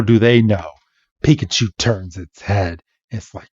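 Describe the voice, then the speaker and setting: Podcast host, man, playful comic recap, unhurried pace, slightly dull lo-fi audio. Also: lowish voice, slightly rough, no room sound. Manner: animated, playful storytelling. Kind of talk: casual comic recap narration.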